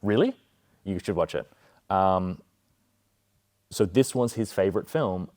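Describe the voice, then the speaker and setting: An Australian man with a low voice chats as a guest about a film. He tells stories in an earnest, rambling way and fills his pauses with ums and likes. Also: darkish tone. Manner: earnest, chatty storyteller, many fillers. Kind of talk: casual film discussion.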